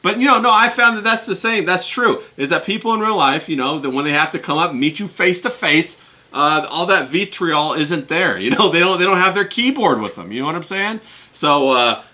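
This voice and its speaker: Bright-voiced male host, meandering questions. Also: a little high, expressive, a little fast. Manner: meandering questions, fillers, laughs easily. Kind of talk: casual interview chat.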